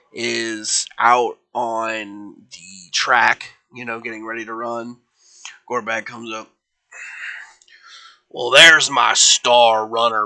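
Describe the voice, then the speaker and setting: A young man on a stream improvises fan fiction casually, rambling playfully and correcting himself as he goes. His voice is mid-range with a sharp tone.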